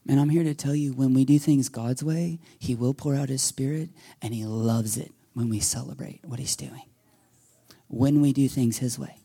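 A male pastor delivers a sermon with a gravelly, slightly husky voice. His tone is dark and mellow, and he slips into quoted voices and hushed asides as he tells the story. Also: medium pitch, normal speed. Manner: animated storytelling, acting out quoted voices, dropping to a whisper at times. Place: church sanctuary.

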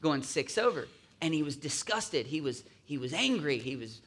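Bright high-voiced man preaching. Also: big pitch swings, normal speed. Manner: conversational, asks listeners to agree; acts out grumbling voices in asides. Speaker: pastor. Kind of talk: sermon.

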